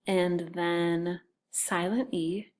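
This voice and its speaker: A woman teacher giving a recorded phonics lesson to children. She talks slowly and patiently and spells words out letter by letter. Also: fairly low pitch, steady tone, a little mellow.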